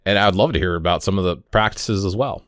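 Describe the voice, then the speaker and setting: A man in his fifties talks to camera for his pagan vlog, casual and rambling, tripping on words and stopping to correct himself. He speaks quickly in a low, fairly bright voice, in a dry, studio-quality recording.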